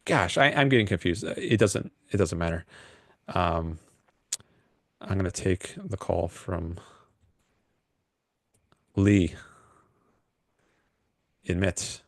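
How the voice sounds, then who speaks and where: A man's voice: low-pitched, slow, pauses often, no echo, clean studio sound. A man hosting a call-in livestream, rambling and hesitant with lots of fillers. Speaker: livestream host taking calls. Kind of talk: casual livestream chat.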